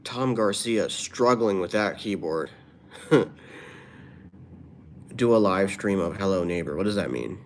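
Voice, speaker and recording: A man's voice: sits low, expressive, a little slow, long pauses, a little hiss or hum. A man livestreaming, reading viewers' comments aloud and answering them in a rambling, offhand way. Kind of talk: casual livestream chat.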